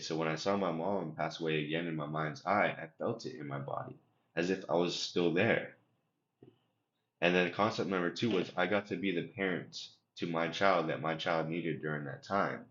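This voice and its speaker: Very deep-voiced man, earnest and rambling. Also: fairly bright tone. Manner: earnest, rambling, repeats words. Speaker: guest, emotional regulation coach. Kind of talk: conversational podcast interview. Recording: roomy, dull lo-fi sound.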